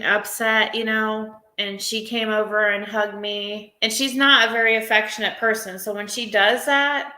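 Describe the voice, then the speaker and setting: A woman rambles through a casual live-stream chat, emotional and quick to laugh. Her voice is bright and sharp, and she takes her time. The room gives it a roomy echo. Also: mid-range voice. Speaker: livestreamer.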